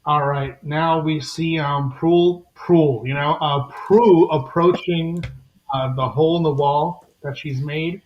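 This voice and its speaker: A man co-hosting a podcast, recapping a comic and reading its dialogue briskly with strong opinions. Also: a little high, steady tone, roomy sound, highs cut off, slight background noise. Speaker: podcast co-host. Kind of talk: casual recap chat.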